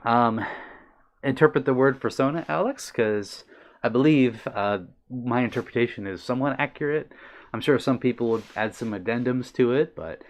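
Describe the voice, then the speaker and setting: A man on a live stream, chatting with viewers in a friendly, easygoing way. His pitch sits in the middle for a man. He reads chat messages aloud and fills the gaps with ums and uhs. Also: moderate pace. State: a little out of breath. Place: his own room on stream.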